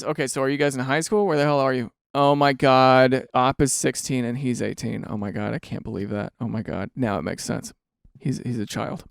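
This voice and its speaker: A man's voice: mid-range voice, fairly quick, creaky, clear, resonant tone, no room sound, studio quality. A young adult man hosting a comedic reaction show, reading out texts and firing incredulous, sarcastic remarks about them. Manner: incredulous, animated, reads texts aloud with sarcastic asides. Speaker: host reacting to online posts.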